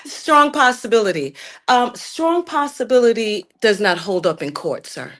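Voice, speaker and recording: Her fairly high voice rises and falls with lively intonation at a normal speed as she argues emphatically. She is a middle-aged Jamaican caller on a talk stream, indignant and repeatedly saying "sir" to the host.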